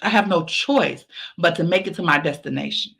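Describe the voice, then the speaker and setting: A woman's voice: fairly low pitch, fairly quick, gravelly, fairly bright tone. A woman podcast host giving an emphatic motivational pep talk, repeating phrases for emphasis.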